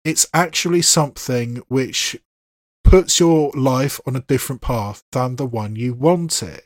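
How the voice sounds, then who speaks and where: A man's voice: medium pitch, unhurried, no room sound. A man giving an unscripted film review, talking in a thoughtful, digressive way with frequent asides. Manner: thoughtful, digressive, with filler phrases.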